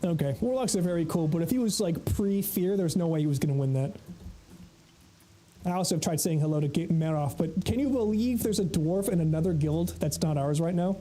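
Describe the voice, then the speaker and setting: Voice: medium pitch, fairly quick, warm tone, low-quality recording. A game streamer chatting casually with viewers while playing, rambling, laughing often and swearing freely. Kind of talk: casual livestream chatter reading chat while gaming.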